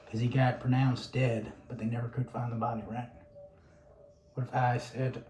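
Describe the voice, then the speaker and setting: A man's voice: medium pitch, level tone, moderate pace, mellow. A man rambling through a casual monologue, swearing freely and sighing between thoughts. His voice sits in the middle of the male range. The room is roomy and echoey, with a faint hum of ambience behind him. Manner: profane, rambling, frequent sighs and restarts.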